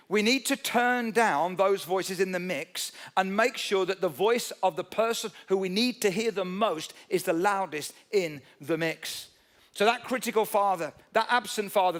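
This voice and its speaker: Man, preacher, high voice, emphatic, conversational sermon, church service. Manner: conversational, emphatic preaching with a quickening and slowing pace. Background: live instrumental music.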